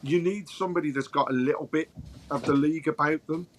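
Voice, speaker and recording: A man on a podcast panel, giving long, measured explanations of his views in a casual football chat. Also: a little high, a little hiss or hum.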